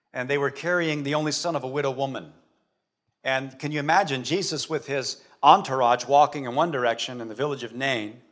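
A male pastor preaching a sermon as animated storytelling, swinging between loud stretches and hushed ones. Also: medium pitch.

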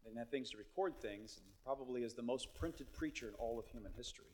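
A man preaching a sermon, moving between hushed storytelling and loud, emphatic exhortation. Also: medium pitch, quick pace.

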